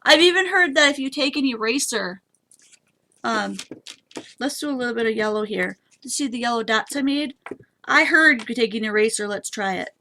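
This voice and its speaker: A woman's voice: a little high, normal speed, pushed and bright, a little hiss or hum. A woman hosting a live papercraft stream, chatty and bubbly as she demonstrates and talks to her viewers. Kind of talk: casual craft demonstration.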